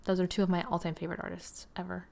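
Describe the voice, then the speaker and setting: Talking very fast in a lowish, darkish voice with vocal fry and a level tone, a young woman in her twenties rambles through gameplay commentary on her channel. Fillers like "like" and "um" are frequent, with some laughter and occasional whispering.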